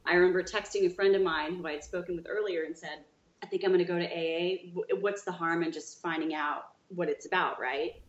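A woman guest on a podcast, telling her own story with lively, acted-out dialogue. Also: fairly low pitch, fast, roomy sound, lo-fi sound. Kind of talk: storytelling in an interview.

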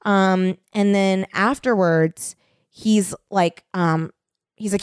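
A woman co-hosting a casual chat, animated and opinionated, often talking over the others. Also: mid-range voice, a little slow, clear, resonant tone, no room sound, studio quality.

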